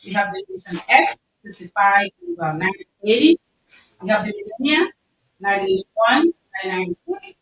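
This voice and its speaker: A woman speaking earnestly and loudly to a mosque gathering, with an emphatic manner and a lot of repetition. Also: mid-range voice, big pitch swings, a little fast. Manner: earnest, loud, emphatic, repeats herself. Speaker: community speaker. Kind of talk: informal talk to a mosque gathering. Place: mosque hall. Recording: echoey hall, distant mic, faint noise.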